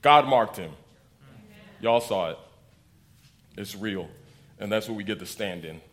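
A young man preaching casually to a congregation, telling stories with laughter and lively quoted voices. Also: fairly low pitch, measured pace. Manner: casual, animated storytelling with laughs. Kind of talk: sermon with testimony.

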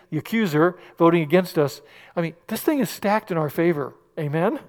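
A man delivering a sermon in a slightly high voice. He moves from soft, intimate asides to forceful, loud declarations. The room gives a long, echoing reverb. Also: fairly quick. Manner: animated, swinging from hushed to loud. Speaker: pastor.

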